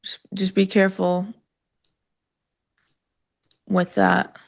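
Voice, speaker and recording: A woman's voice: medium pitch, completely flat delivery, slow pace, creaky. Woman live-stream co-host, mid-range voice, casual and filler-heavy with the chat. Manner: loose, filler-heavy, talks to chat viewers.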